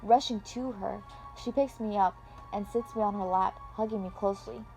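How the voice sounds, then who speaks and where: A woman reads a first-person fan story aloud in a dramatic, expressive manner. Faint music plays softly behind her voice. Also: mid-range voice, normal speed, vocal fry, low-quality recording. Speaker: story reader.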